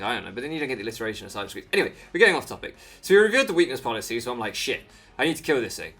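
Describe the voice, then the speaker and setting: A man's voice: medium pitch, pushed and bright. A man giving casual, rambling commentary over a Pokémon game, easily sidetracked and self-mocking. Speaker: Pokémon video creator.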